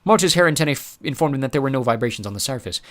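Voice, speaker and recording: A male narrator reading an audiobook. His storytelling is expressive, with a lively, varied pitch in a middle register. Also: rapid-fire. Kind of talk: scripted narration.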